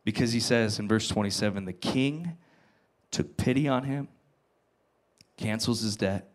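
A male pastor preaching to his congregation, retelling a parable with dramatic emphasis and quiet asides. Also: lowish voice, measured pace, pauses often. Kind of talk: sermon.

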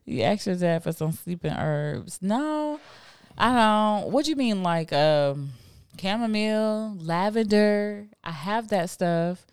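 A woman's voice: medium pitch, slow, clean tone, no echo. A woman co-hosting a casual podcast chat, laughing often, cursing, and exclaiming as she talks. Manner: expressive, profane, laughs a lot, exclaims. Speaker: podcast co-host.

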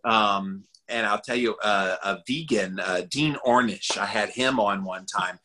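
A man with a Southern accent, a podcast guest chatting casually and telling lively stories. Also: unhurried, a little hiss or hum, rough recording. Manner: animated storyteller, jumps up in pitch for quoted voices.

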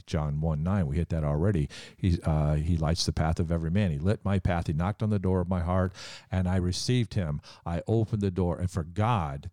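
A man with a very low voice speaks fervently, as if giving a testimony of faith. His tone is dark and mellow, and the sound is close and dry, with no room echo. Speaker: co-host. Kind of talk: casual chat.

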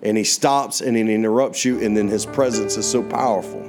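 A young man preaching, telling a personal testimony in an earnest voice that slows down for emphasis. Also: lowish voice, fairly even intonation. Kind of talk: sermon testimony. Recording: guitar music playing underneath.

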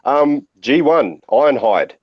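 A man's voice: medium pitch, animated, slow pace, no echo, muffled recording. A man co-hosting a podcast, talking through his opinions in a rambling way with lots of fillers. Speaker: podcast co-host. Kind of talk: casual chat.

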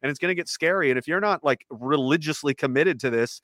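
A man's voice: on the high side, fast, no room sound. A man, a guest in a casual chat, telling stories with energy and mocking other people's words in put-on voices. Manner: animated storytelling, mocking voices in quotes.

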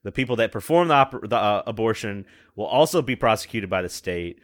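A man's voice: on the low side, brisk. A man from the American South in casual, profane podcast chat, laughing often and telling stories. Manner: animated, laughs often, swears freely.

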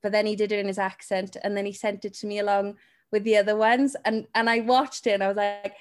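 A woman who works as a talent agent co-hosts a relaxed podcast. She chats freely and laughs easily while she tells stories from her work. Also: mid-range voice, fast. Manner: chatty, laughs often, tells anecdotes. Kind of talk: casual podcast chat.

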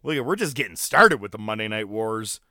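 A man co-hosting a casual wrestling recap podcast, animated and laughing, acting out quotes as he talks. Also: lowish voice, brisk, no echo, studio quality. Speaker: podcast co-host.

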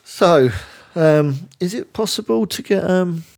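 A man's voice: high voice, expressive, slow pace, gravelly, darkish tone. A man hosting a podcast, chatting in an easygoing way with hesitant fillers. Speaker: podcast host. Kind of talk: casual podcast interview.

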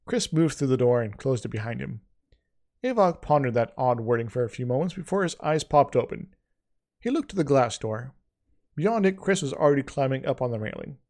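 A man's voice: medium pitch, lively intonation, fairly quick, a little mellow. A man reading his own story aloud in a casual way, with frequent slips and restarts.

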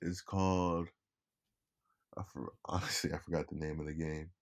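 A young podcast co-host rambles easily through casual chat, laid-back and frequently restarting. His voice is extremely low in pitch, with a steady tone and a moderate pace.

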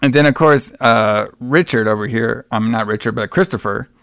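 A man's voice: mid-range voice, moderate pace, creaky, fairly bright tone, no echo, clean studio sound. A man casually recapping a movie on a podcast, rambling, swearing often, laughing and acting out the characters. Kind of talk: casual profane chat.

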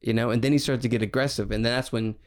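A man's voice: mid-range voice, fairly even intonation, rapid-fire. A man hosting a podcast, chatting casually and telling rambling, joking stories. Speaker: podcast host. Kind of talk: casual chat. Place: podcast studio.

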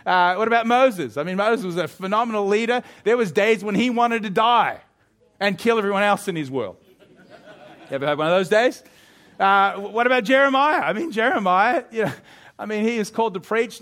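A male pastor preaching a sermon, telling a story in a lively way and asking his listeners questions. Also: high voice.

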